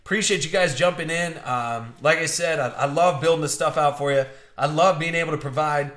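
Speaking a little fast in a slightly high, fairly bright voice, a man opens packs on a live-streamed trading card box break. He's chatty and upbeat, joking with viewers over a streaming mic in an echoey room.

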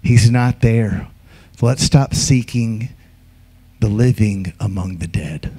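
A man preaching an Easter sermon as pastor, emphatic, with acted asides and sudden shouts. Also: on the low side, takes it slowly, breathy edge.

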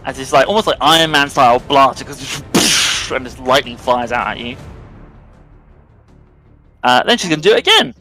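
Guy game mastering, middle-pitched, loose descriptive narration, quiet music behind. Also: a little fast, long pauses, low-quality recording. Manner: relaxed, descriptive narration with frequent fillers.

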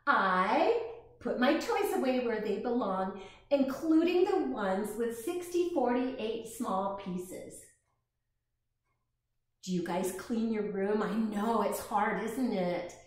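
A woman reading a picture book aloud to preschoolers, gentle and slow, often asking the children questions, heard in an echoey room. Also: fairly high pitch, lively intonation. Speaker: children's storyteller.

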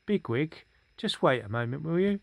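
A man voicing a pompous, condescending older male Chief Rabbit in a storybook reading, speaking in a smooth, patronizing, drawn-out way. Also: a little high, animated, dry recording, pitched above the performer's own voice.

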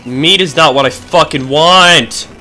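Excitable male gamer, bright forceful tone, unhurried delivery, cursing commentary that jumps from yelling to mumbling. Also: fairly high pitch, soft background music, rough recording. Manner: excitable, profane, swings between shouting and muttering. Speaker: let's play gamer. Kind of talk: gaming commentary.

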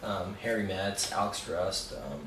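Deep-voiced and a little slow, with a bit of brightness, this young man is a guest songwriter spinning a meandering, foul-mouthed tale about a gig during a relaxed chat. He laughs and curses throughout, recorded on a distant mic in a roomy space with faint noise.

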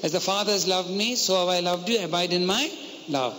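Speaking fairly quickly in a high-pitched, slightly bright voice, a man delivers a sermon built around a personal story and rhetorical questions for the congregation. Long hall reverb and faint noise color the recording.

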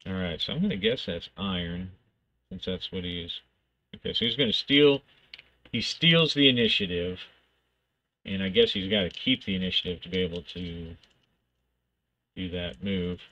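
A man with a fairly low voice plays a solo tabletop game, musing his way through the rules. He narrates the fight in quick bursts. The recording sounds dull and lo-fi. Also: animated, sharp tone. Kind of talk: thinking aloud while playing a solo tabletop game.

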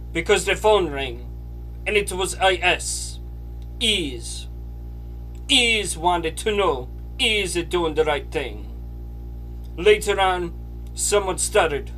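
Slow deadpan comic man. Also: high voice. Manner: slow, deliberate, pausing for effect. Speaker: comedian.

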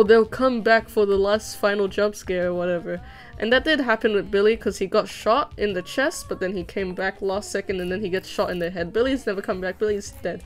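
A young woman streaming as she animates, chatting casually in a rambling, excitable way and laughing often. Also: medium pitch. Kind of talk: casual chat while drawing on stream.

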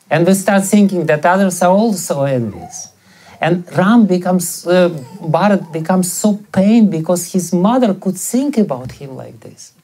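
A man's voice: sits high, mellow. A male spiritual teacher giving a scripture lecture, telling a story with many hesitant fillers.

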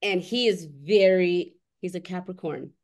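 A woman hosting a casual podcast chat, English not her first language, telling stories in an animated way and swearing freely. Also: on the low side, a little slow. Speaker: host.

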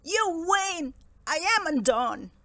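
A woman voicing a grumpy male bear who hates visitors, with loud, exasperated outbursts, in a storybook read-aloud. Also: sits high, flat delivery, slow, no echo. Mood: tearful.

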